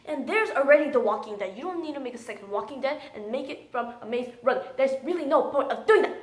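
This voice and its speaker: A woman's voice: a little high, echoey room, rough recording. A woman giving a casual, blunt and sarcastic spoken movie review.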